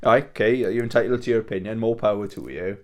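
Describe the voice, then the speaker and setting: A man's voice: fairly low pitch, fast. A man chatting casually to camera from home about games he picked up, rambling and joking at his own expense. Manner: rambling, jokey, self-mocking. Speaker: game-collecting vlogger.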